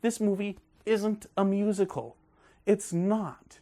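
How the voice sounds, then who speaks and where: A man hosting a casual film review video, talking in a gushing, excited way. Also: a little high, unhurried.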